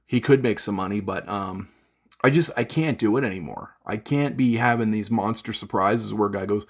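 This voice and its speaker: A man's voice: fairly low pitch, moderate pace. A man venting in an unscripted vlog from his home studio, rambling with fillers and restarts. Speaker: gear vlogger.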